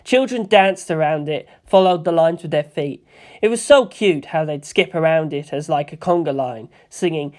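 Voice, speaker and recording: A woman reading a fan-written story aloud in a lively, expressive way. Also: deep voice, normal speed. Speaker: fanfic reader.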